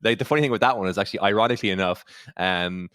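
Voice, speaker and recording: A man's voice: fairly low pitch, rapid-fire, a bit bright, clean tone, no echo, clean studio sound. A man talking as a podcast guest in casual chat, wry and self-deprecating, swearing casually.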